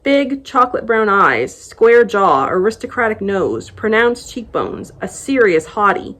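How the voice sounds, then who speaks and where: A woman reads a novel excerpt aloud in the first person. Her voice sits in a middle pitch, and her storytelling is expressive as she narrates the scene. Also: measured pace. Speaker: book blogger.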